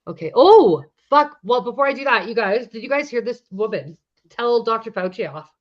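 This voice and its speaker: A woman's voice: a little high, lively intonation, moderate pace. Crude joking woman on a lo-fi stream. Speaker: livestream co-host. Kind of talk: casual livestream chat.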